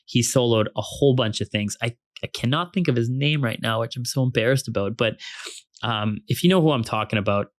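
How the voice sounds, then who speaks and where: A young man from Canada telling an ice-climbing story in a casual, excitable, rambling way, full of fillers and restarts. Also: mid-range voice, fairly quick, no echo, studio quality.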